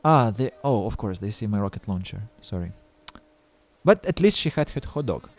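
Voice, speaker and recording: Halting man streaming a game. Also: fairly low pitch, animated, darkish tone, soft background music. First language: Russian. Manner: halting, stammering restarts, playful self-mocking. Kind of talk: casual game-stream chat.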